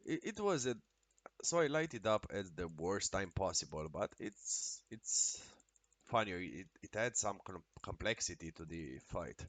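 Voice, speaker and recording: A man streaming a video game, talking casually and excitably with lots of swearing and exclamations. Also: low-pitched, a little slow, no room sound. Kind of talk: casual live-stream commentary while playing.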